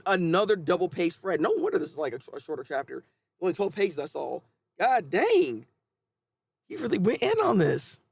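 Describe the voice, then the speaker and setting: A man hosting a casual live manga reaction, chatty and animated, often restarting his sentences. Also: on the high side.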